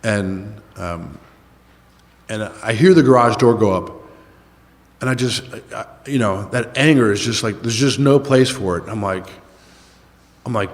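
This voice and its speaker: A man's voice: lowish voice, unhurried, long pauses. Older man telling a story in an echoey hall. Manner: rambling, self-mocking storyteller with many fillers. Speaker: recovery speaker. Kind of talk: storytelling recovery talk.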